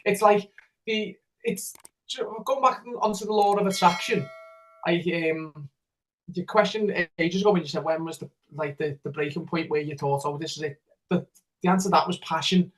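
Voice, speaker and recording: A man's voice: high-pitched, moderate pace, a bit bright, poor audio. A man, a DJ, telling his story in a casual podcast interview in an eager, rambling way with many restarts. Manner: rambling, repeats himself, eager. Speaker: DJ and radio presenter.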